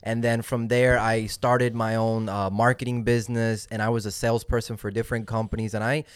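A man's voice: lowish voice, little pitch movement, fairly quick, clear, resonant tone, dry recording. A young man, a podcast guest in a studio who tells rambling stories with many restarts and mixes in Spanish phrases. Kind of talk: casual chat.

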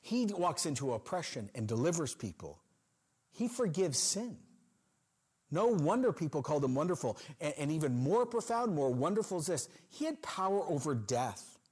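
A man preaching a sermon in an expressive style, acting out the people in the story with sudden swings in pitch and loudness. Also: normal speed, breathy edge. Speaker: pastor.

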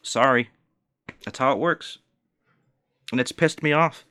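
A man's voice: medium pitch, unhurried, bright, forceful tone, clean tone, no room sound, clean studio sound. A man in his forties, a bartender, ranting in a profane, indignant and mocking way. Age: 40s. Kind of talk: ranting monologue.

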